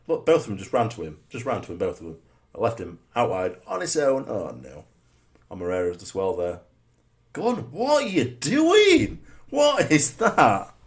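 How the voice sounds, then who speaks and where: A low-pitched man talks through his football match as he plays it. His voice swings widely, from grumbling under his breath to yelling, and he keeps asking himself rhetorical questions. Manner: muttered rhetorical asides with sudden excited shouts. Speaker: gamer commentating his own match. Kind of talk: live gameplay commentary.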